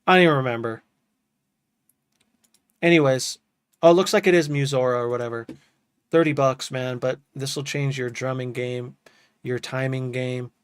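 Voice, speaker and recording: A man's voice: medium pitch, steady tone, normal speed, long pauses, clean tone, no echo. A man casually chatting to his live-stream chat as a music producer, loose and enthusiastic, dropping "dude" and "bro" often.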